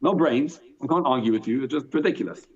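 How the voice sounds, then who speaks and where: A man, a rabbi, teaching a live Torah class in an animated way, asking and answering his own questions and reading Hebrew text aloud. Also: medium pitch, quick pace. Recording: dull lo-fi sound.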